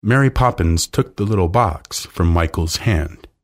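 A man reading a children's story aloud slowly and expressively as storyteller. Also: deep voice, expressive.

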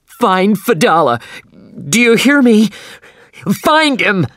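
A man voicing an obsessed, fierce older male whaling captain who shouts his commands. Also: high-pitched, big pitch swings, takes it slowly, dry recording, pitched above the performer's own voice, exaggerated voice. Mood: furious.

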